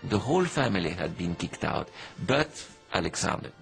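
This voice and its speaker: Gravelly, lowish male interviewee, lively delivery, music behind. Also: moderate pace. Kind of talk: interview commentary.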